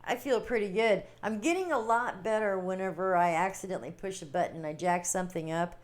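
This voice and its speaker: A woman hosting a casual livestream, chatting warmly with viewers, reading their comments and laughing often. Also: medium pitch, brisk. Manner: chatty, giggly, reading chat aloud. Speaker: livestream host.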